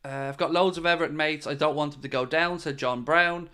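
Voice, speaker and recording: A man's voice: a little high, fairly even intonation, brisk, bright, forceful tone, smooth. A man hosting a casual live stream, chatting and answering viewer comments. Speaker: podcast host reading live chat.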